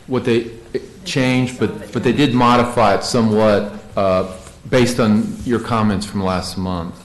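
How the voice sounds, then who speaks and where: A man on a county staff, answering a review board's questions in a meeting, halting and repeating words. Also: fairly low pitch, steady tone. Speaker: county staff member presenting. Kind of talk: meeting discussion. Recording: echoey meeting room.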